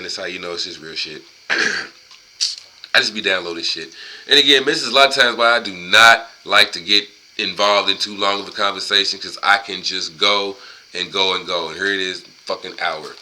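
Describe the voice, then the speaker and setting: A man's voice: low-pitched, sharp tone, a little hiss or hum, rough recording. A man casually reading from a book aloud and going off on long profane, rambling tangents.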